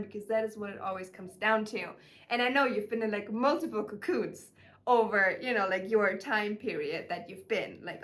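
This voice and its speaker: Gushing, higher-voiced woman channeler. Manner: gushing and filler-heavy, warmly emotional. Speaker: spiritual channeler. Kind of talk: casual spiritual message vlog.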